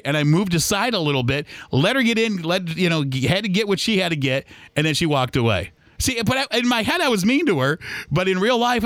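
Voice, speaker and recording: A man's voice: high-pitched, animated, a little fast, fairly bright tone, dry recording. A man hosting a solo podcast, rambling casually about everyday errands and acting out other people's voices. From Michigan, US. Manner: chatty and rambling, acts out shoppers' voices. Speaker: podcast host.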